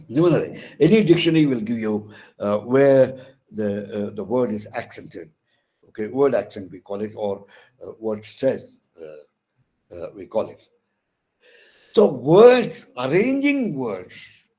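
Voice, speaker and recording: A man with an Indian English accent giving a recorded English lesson, spelling words out letter by letter and pausing often with "uh" and self-corrections. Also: lowish voice, dark tone, rough recording. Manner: frequent pauses with "uh" and self-corrections. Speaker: counsellor teaching English. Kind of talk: recorded lecture.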